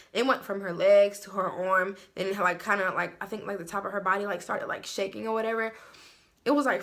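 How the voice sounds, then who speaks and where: Bright-voiced woman telling a story. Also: medium pitch. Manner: loose, profane, filler-heavy storytelling. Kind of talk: casual storytime monologue. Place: her own room at home.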